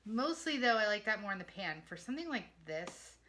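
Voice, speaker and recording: A woman's voice: mid-range voice, big pitch swings, fairly quick, sharp tone. A woman in her forties, chatting casually and poking fun at herself as she talks to viewers while cooking in her home kitchen. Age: 40s.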